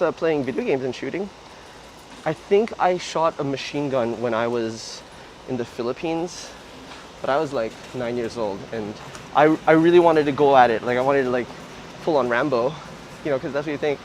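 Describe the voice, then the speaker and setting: A man's voice: medium pitch, moderate pace, pauses often, slight background noise, low-quality recording. Chatty man livestreaming outdoors. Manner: chatty and rambling, with frequent fillers. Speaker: livestream host. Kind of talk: casual livestream chat. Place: outdoors on city streets.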